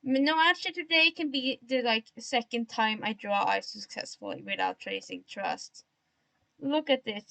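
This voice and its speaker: A woman's voice: fairly high pitch, moderate pace, gravelly, sharp tone, low-quality recording. A young woman streaming while she draws, chatting to herself in a self-mocking way and remarking on her own odd tone of voice. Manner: admits to an odd put-on tone today. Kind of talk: casual livestream chat while drawing.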